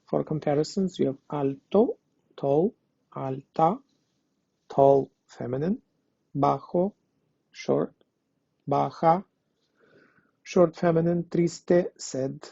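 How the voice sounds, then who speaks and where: A man's voice: a little high, slow, creaky, pauses often, warm tone, breathy edge, no room sound. A man teaching a language lesson online, explaining step by step and translating each example. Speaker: Spanish teacher. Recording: dull lo-fi dry recording.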